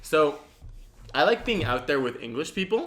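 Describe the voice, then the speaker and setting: A man's voice: fairly high pitch, sing-song, normal speed. A man hosting a podcast, talking in a rambling way with many restarts and casual swearing. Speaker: podcast host. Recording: echoey room with faint noise.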